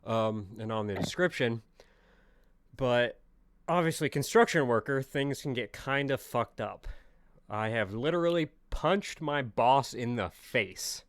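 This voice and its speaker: A man's voice: medium pitch, expressive, measured pace, dry recording, studio quality. A man who works as an electrician, co-hosting a podcast and telling stories in a plain-spoken, blunt way, swearing casually. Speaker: podcast co-host. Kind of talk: casual storytelling chat.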